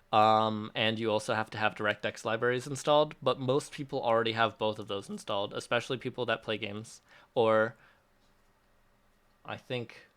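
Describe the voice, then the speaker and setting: This medium-pitched, slightly bright male voice belongs to an app developer hosting a release livestream. He reads chat questions out loud and answers them chattily and upbeat, often laughing and starting over.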